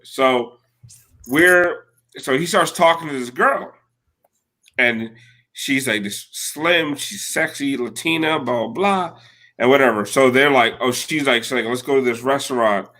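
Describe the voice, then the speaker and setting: A man's voice: medium pitch, animated, moderate pace, sharp tone. A man in his late thirties telling a rambling, profane story in casual chat as a podcast co-host. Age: late 30s.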